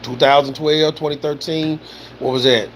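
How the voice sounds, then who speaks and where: Man, livestream host, fairly high voice, rambling casual delivery, swearing, faint AC hum. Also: fairly even intonation, normal speed, fairly bright tone. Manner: loose, rambling delivery, peppered with "you know" and "man", swearing. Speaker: livestream host reading viewer comments. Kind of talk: casual spoken commentary.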